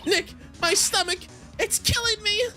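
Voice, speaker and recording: A reader voicing an excitable, dramatic young female sidekick in a game playthrough. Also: medium pitch, moderate pace, faint music behind, pitched above the performer's own voice. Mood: excited.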